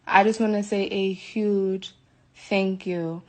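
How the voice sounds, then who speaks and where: She speaks slowly in a steady, darkish mid-range voice. An American livestreamer in a hotel room, she rants indignantly into her phone during an emotional live video, agitated and repeating herself.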